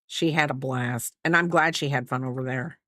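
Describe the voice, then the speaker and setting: A woman's voice: very deep voice, normal speed, bright, forceful tone, dry recording, clean studio sound. A middle-aged American woman livestreaming while she crochets, chatting casually and rambling as she answers her viewers. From United States. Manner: rambling, chatty, answers chat between stitches. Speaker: livestreamer crafter.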